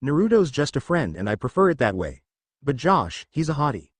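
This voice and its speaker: A man's voice: mid-range voice, very animated, fairly quick, slightly rough, no echo. A man voicing a confident, breezy teenage girl hero in a read-aloud story, in close to his own voice.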